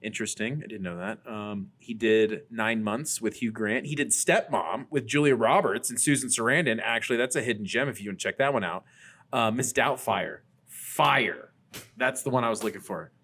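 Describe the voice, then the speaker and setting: A man's voice: fairly low pitch, moderate pace, fairly bright tone. A man hosting a casual podcast, talking enthusiastically and rambling about films. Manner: enthusiastic, rambling film talk. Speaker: podcast host. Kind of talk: casual chat. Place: Las Vegas.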